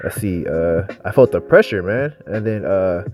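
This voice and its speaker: A man's voice: low-pitched, lively intonation, moderate pace, darkish tone, soft background music. A young man giving informal, rambling religious teaching in profane street talk, ending his phrases with "man". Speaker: preacher.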